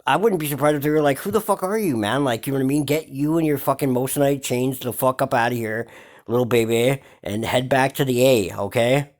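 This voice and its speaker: A man's voice: medium pitch, fairly even intonation, brisk, a little mellow. A man hosting a hip-hop gossip vlog, ranting in a mocking tone full of slang, swearing and fillers. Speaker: vlog host. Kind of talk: profane hip-hop gossip commentary rant.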